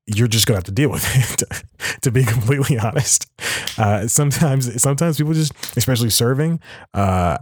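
A man's voice: fairly low pitch, a little mellow, no echo. Male podcast host, casual and rambling, laughs through his reading, dry close mic. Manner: chuckles often while reading, rambling self-corrections. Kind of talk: casual solo commentary, reading an article aloud.

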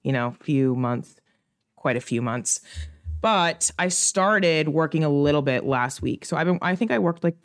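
A woman in her late twenties co-hosting a podcast, telling stories in an animated way with frequent laughter and casual swearing. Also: sits low, a little slow. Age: late 20s. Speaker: podcast co-host. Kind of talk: casual chat.

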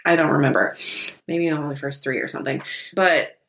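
A woman's voice: low voice, fairly even intonation, brisk, gravelly, fairly bright tone. A woman co-hosting a casual podcast chat, blunt and swearing often. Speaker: podcast co-host.

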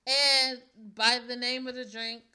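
A woman's voice: fairly high pitch, little pitch movement, bright, forceful tone, smooth. A woman co-hosting a casual podcast, laughing often as she talks with friends. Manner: laughs often, slow and drawn out. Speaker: podcast co-host. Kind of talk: casual chat.

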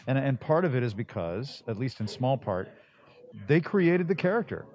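A man's voice: mid-range voice, normal speed. Laid-back man talking shop. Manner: animated, laid-back, rambling with restarts. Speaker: voice actor guest. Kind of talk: casual interview talk.

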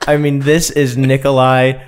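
A man co-hosting a casual podcast, telling a story in a profane, animated way and laughing often. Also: medium pitch, slow, slight background noise. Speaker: podcast co-host.

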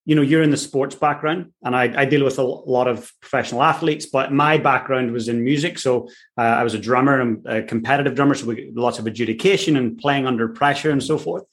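A man's voice: medium pitch, fairly even intonation, fairly quick, a bit bright. A man with an Irish accent, a coach talking in a podcast conversation in a reflective, storytelling way. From Ireland.

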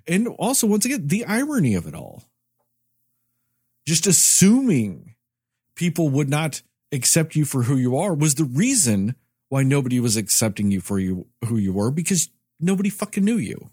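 Podcast co-host, man, animated rambling pitch, dry close sound. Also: normal speed, husky, no room sound. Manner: rambling, many "you know" fillers. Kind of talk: casual movie review chat.

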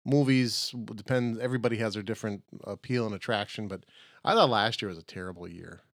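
A man's voice: lowish voice, quick pace, a bit bright, dry recording, studio quality. A man co-hosting a comedy podcast, talking in a rambling, jokey, easygoing way and drifting into playful tangents. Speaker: podcast co-host.

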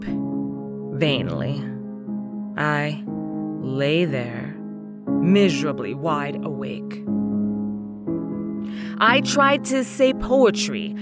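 Slow, low-voiced woman narrating a story. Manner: slow, measured and wistful. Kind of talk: audiobook narration of a classic story.

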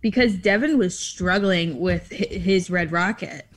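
Chatty low-voiced woman podcaster. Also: measured pace, slight background noise. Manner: chatty, laughing easily. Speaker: podcast co-host. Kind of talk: casual chat.

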